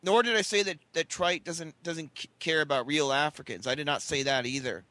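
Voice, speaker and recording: Bright-voiced, stammering man. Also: a little high, fairly quick, dry recording. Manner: stammering restarts, defensive explaining. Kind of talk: casual chat.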